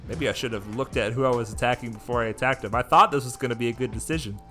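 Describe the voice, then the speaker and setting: A man giving excited live commentary while playing a mobile game, chatting with his viewers as he goes. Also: medium pitch, racing, faint music behind.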